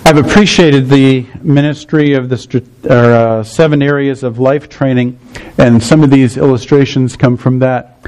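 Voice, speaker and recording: A middle-aged man preaching at a medium pitch, unpacking scripture in an explanatory way. He often pauses to check in with his listeners as he goes. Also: steady tone, a little mellow, poor audio. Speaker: pastor. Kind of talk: sermon.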